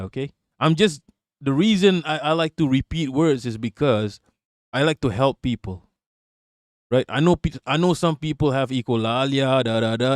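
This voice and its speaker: A man's voice: medium pitch, darkish tone, no echo, clean studio sound. A man streaming live, giving sarcastic, profane commentary and answering his chat. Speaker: streamer reacting to a clip and chat.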